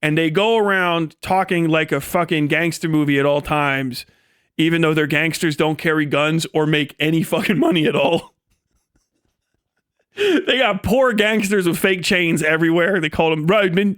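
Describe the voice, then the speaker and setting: High-voiced man in a profane comedic rant. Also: normal speed, a bit bright, clean tone, no echo, clean studio sound. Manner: profane, rambling, mocking. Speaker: livestream host. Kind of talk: comedic rant on a live stream.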